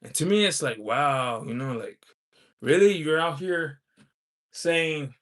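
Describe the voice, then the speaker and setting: A man's voice: fairly high pitch, slow, a bit bright. A man hosting a casual livestream, rambling with many fillers as he reads chat comments aloud. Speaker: livestream host reading chat.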